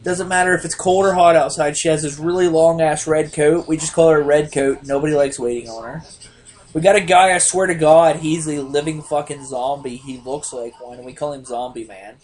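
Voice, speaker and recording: A young man co-hosting a casual podcast, telling profane stories with lively put-on voices. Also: a little high, fairly quick. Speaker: podcast co-host. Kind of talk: casual chat.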